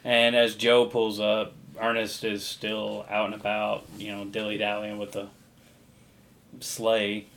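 A man co-hosting a podcast, recapping a film plot in casual chat, profane and quick to act out lines. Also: lowish voice, completely flat delivery, vocal fry, fairly bright tone, slight background noise. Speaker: podcast co-host.

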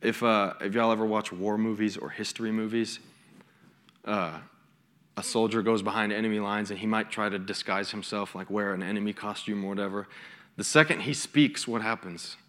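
A man's voice: lowish voice, a bit bright. Young man preaching casually. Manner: conversational preaching with storytelling and asides. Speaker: associate college pastor. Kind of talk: sermon.

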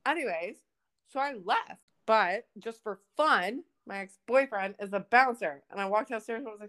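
Swearing freely, a young female podcast co-host tells an animated story in casual conversation. She speaks at a normal speed with a fairly high-pitched voice.

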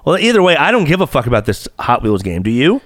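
A young man runs his own podcast in loose, joking chat full of profanity. His voice sits a little high and swings widely in pitch. The sound is dry and close. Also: sing-song, quick pace, a bit bright, no room sound. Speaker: podcast host. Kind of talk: casual chat.

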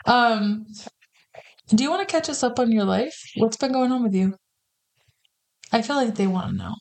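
A woman's voice: fairly high pitch, sing-song, normal speed, gravelly, a little mellow, low-quality recording. A woman in her thirties hosting a podcast, teasing and swearing in casual chat as she prods her guest with questions. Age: 30s. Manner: teasing, profane, pushy interviewer. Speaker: podcast host.

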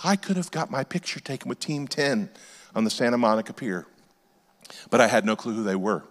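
A man in his forties, a pastor telling comic stories in a sermon and shouting his punchlines. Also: mid-range voice, a little fast. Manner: animated storyteller, shouting punchlines. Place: church auditorium. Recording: long hall reverb.

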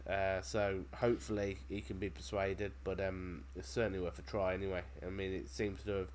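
A man, co-hosting a podcast, talking in a relaxed, rambling way. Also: sits low, brisk, slight background noise. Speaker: podcast co-host. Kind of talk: casual podcast chat.

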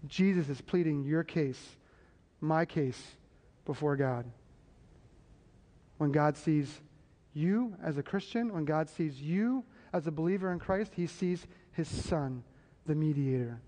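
A man preaching a sermon, building emphasis and tossing quick asides to the congregation. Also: a little high, mellow. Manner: preaching with rising emphasis and repeated call-and-response asides. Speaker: pastor. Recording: long hall reverb.

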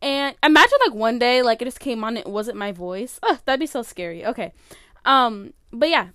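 A woman's voice: on the high side, animated, moderate pace, fairly bright tone, dry recording, clean studio sound. A woman in her late teens hosting her own podcast from her bedroom, chatting casually in a rambling way full of "like" and "um", often stopping herself mid-sentence. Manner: rambling, filler-heavy, self-interrupting. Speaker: podcast host. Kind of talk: casual solo podcast chat. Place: bedroom at home. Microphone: phone.

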